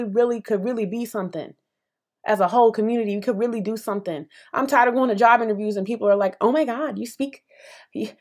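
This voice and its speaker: A woman's voice: on the high side, a little mellow. A young adult woman hosting a solo podcast, speaking passionately and emphatically in a conversational way, with many fillers and asides. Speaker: podcast host. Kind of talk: solo opinion podcast monologue.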